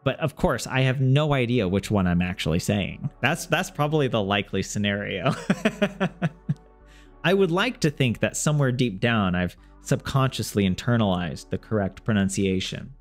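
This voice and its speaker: A man's voice: on the low side, lively intonation, moderate pace. A man learning a language on a casual livestream, thinking aloud to his viewers with many restarts and self-corrections. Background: soft game music.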